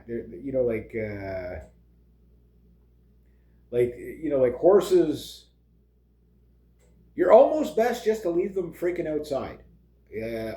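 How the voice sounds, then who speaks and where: A middle-aged man talks in a loose, meandering way, scattering fillers and chuckling asides as he goes. His voice is mellow and on the dark side. The room around him carries a noticeable echo. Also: mid-range voice. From Canada. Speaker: vlogger. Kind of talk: rambling casual monologue. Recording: roomy echo.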